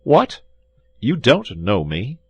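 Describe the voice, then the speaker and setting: A man's voice: sits low, animated, normal speed, pitched above the performer's own voice. A man voicing an angry young swordsman who speaks in a stern, commanding, threatening way.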